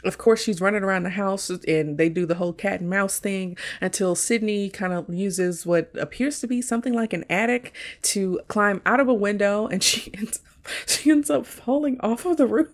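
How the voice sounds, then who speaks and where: A woman's voice: mid-range voice, steady tone, normal speed. Chatty woman recapping a movie. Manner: chatty, laughs often. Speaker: podcast host.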